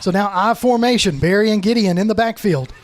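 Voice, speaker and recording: A man calling high school football play-by-play, brisk and steady, building up on big plays. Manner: brisk play calling, rises to shouting on scores. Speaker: play-by-play announcer.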